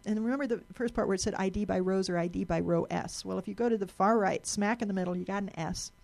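A woman speaks to a live audience in a lecture room, chatty and explanatory. Her mid-pitched voice has a gravelly edge, and she often restarts and repeats words as she goes. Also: fast, a little mellow. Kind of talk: live presentation talk.

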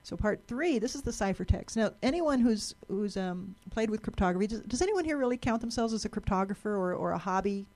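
A woman's voice: mid-range voice, animated, a little fast, hardly any pauses, darkish tone. A woman giving a live presentation to an audience in a lecture room, chatty and explanatory, often restarting and repeating words.

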